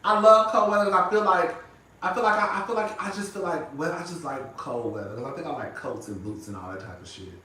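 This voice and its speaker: A man's voice: a little high, fast talker, bright, forceful tone, far from the mic, slight background noise. A man chatting sassily to his viewers, calling everyone "girl" and "honey" and breaking into laughter. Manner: flamboyant, sassy, says "girl" and "honey" constantly, bursts into singing and laughter. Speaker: vlogger. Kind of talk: casual chat to viewers. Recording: echoey room, voice off-mic.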